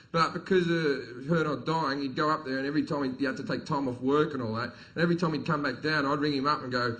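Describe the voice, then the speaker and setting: Crude, bright-voiced Australian stand-up comic. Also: male voice, fairly high pitch, poor audio. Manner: crude, profane, storytelling delivery with sudden loud punchlines. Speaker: stand-up comedian. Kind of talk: stand-up comedy set. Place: comedy venue stage with audience.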